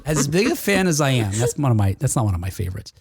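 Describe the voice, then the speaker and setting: A man's voice: medium pitch, sing-song, quick pace. A man co-hosting a casual chat show, telling stories and laughing often. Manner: chatty storyteller, laughs often. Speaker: podcast co-host.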